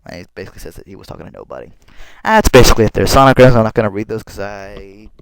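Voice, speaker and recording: A man's voice: lowish voice, animated, rapid-fire. A man casually retelling a comic in his own words, rambling and leaning on "basically" and "like". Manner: rambling, filler-heavy retelling with lots of "basically" and "like". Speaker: fan summarizing a comic. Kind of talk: casual recorded commentary. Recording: noisy homemade recording with clicks.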